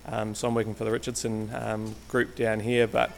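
A guest lay preacher from Canterbury, New Zealand gives an informal, hesitant church talk full of ums and restarts. His voice is fairly low, gravelly, and monotone at a moderate pace. He uses a stage microphone but sometimes walks away from it, and there's a little hiss or hum.

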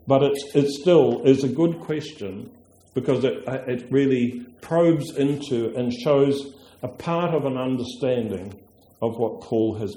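A man's voice: medium pitch, dark tone. A man preaching a sermon, earnest and emphatic, often restarting his phrases and drawing out key words. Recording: echoey room.

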